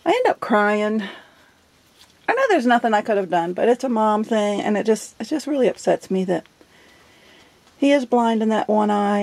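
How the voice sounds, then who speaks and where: A woman's voice: a little high, gravelly, darkish tone, no echo. A middle-aged woman chatting casually while flipping through her journal, giggly and self-deprecating. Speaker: journal vlogger. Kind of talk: casual show-and-tell chat.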